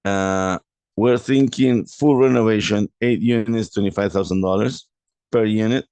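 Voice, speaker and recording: A man walking through a property investment deal in a halting way, correcting himself often. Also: lowish voice, darkish tone, no room sound. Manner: halting, many restarts and self-corrections. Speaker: real estate investor presenting a deal.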